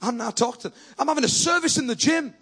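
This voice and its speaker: Male preacher, high voice, animated sermon delivery that builds to forceful exhortation. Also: fast talker, husky. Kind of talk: sermon with storytelling.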